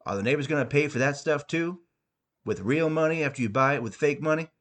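A mouthy teenage boy with a whiny, talk-back edge, pitched well above an ordinary man's voice, as a man reads him out in a storybook. He sounds sarcastic and quick to complain. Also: a bit bright, lightly acted.

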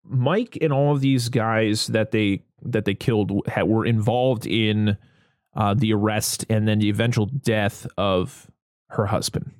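A man's voice: on the low side, fairly even intonation, measured pace, a little mellow, no room sound, clean studio sound. A man chatting casually as a podcast host, recapping a film, laughing often and acting out the characters' lines. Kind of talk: casual chat.

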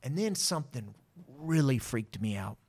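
A man, a guest telling a personal testimony with lively acted-out dialogue. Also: medium pitch, normal speed, slightly rough. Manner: animated, acts out voices in his story. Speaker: interview guest. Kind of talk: storytelling testimony.

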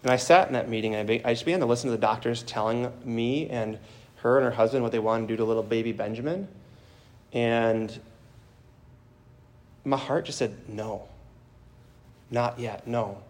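A man's voice: medium pitch, brisk, long pauses. A man preaching a homily as a priest, telling a story in an earnest, plain way.

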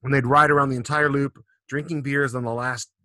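A man's voice: mid-range voice, flat delivery, brisk, sharp tone, no echo, clean studio sound. A man in his forties, co-hosting a casual drinking podcast, telling loose, profane stories with a lot of rambling. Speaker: podcast co-host.

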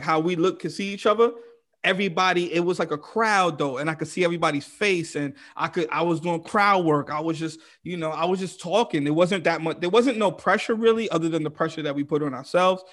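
Energetic New comedian, street slang. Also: male voice, a little high, brisk. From New York, United States. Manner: street slang, energetic, swearing, animated storytelling. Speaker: comedian guest. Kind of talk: casual podcast chat.

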